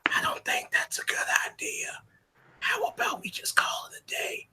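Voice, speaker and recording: Man doing a nervous fae creature, whispered role-play, hushed and breathy. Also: moderate pace. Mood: anxious. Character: timid male fae creature, whispering caution.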